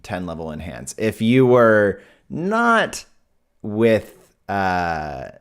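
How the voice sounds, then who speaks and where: A man's voice: lowish voice, very animated, extremely slow, smooth. A man hosting a live video editing tutorial, talking casually and thinking aloud as he works.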